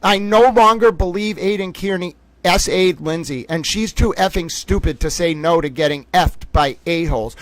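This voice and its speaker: Male stream host, heated commentary, raised pitch, dry close sound. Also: normal speed, no echo. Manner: heated, indignant, swings from shouting to quiet; reads posts aloud. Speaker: livestream host.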